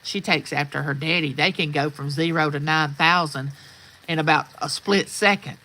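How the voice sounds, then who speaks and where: A woman's voice: low-pitched, moderate pace, sharp tone, poor audio. An older woman, telling folksy stories in a rambling, casual chat outdoors. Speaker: vlogger. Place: outdoors at sunrise.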